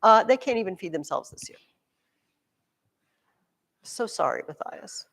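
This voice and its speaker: A woman teaching a junior high history class, telling stories in an animated way with playful asides. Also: unhurried, vocal fry, big-room sound. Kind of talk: classroom lecture.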